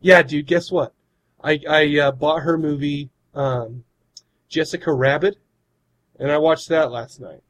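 A man's voice: on the high side, steady tone, unhurried, fairly bright tone, rough recording. A man co-hosting a podcast, telling stories in a rambling, casual way and laughing often. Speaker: podcast co-host. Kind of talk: casual chat.

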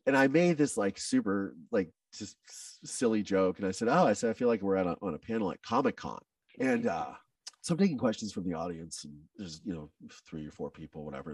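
A man speaking as a podcast guest, telling an emotional personal story in an animated way, with many restarts and quoted dialogue. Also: low voice, husky, no echo, clean studio sound, far from the mic.

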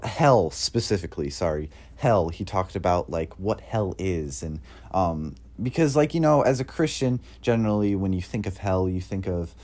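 Man, lower-pitched, earnest faith testimony, halting with fillers, casual. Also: a little mellow. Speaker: Christian speaker sharing his faith.

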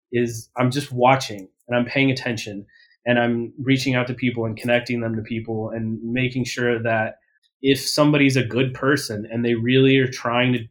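A man talking casually as a podcast guest, blunt and profane, rambling with lots of fillers and self-corrections. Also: mid-range voice. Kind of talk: casual interview talk.

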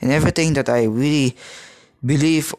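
This solo podcast comes from a man in his thirties from the Philippines, his voice a little high and darkish in tone on a dry recording. He's halting and rambling, restarting often as he gropes for words.

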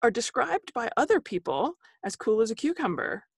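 A woman's voice: a little high, very animated, moderate pace, gravelly, husky, no echo, studio quality. A woman author being interviewed on a podcast, explaining ideas earnestly and laughing easily. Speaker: author and guest.

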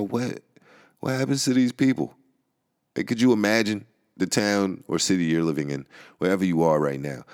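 A man hosting a podcast, ranting casually, laughing often and swearing as he rambles. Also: low-pitched. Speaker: podcast host. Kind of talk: casual rant. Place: New York.

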